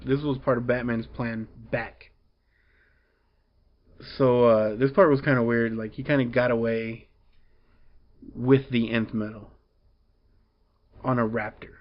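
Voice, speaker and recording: A man's voice: mid-range voice, dull audio. A man casually recapping a comic book story, rambling along with lots of fillers and restarts.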